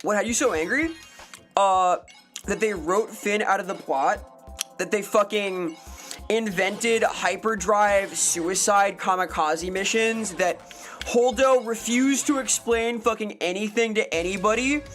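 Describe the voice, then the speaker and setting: Casual woman streamer, middle pitch, exasperated and profane, faint music underneath. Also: unhurried. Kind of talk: casual live-stream chat answering viewers.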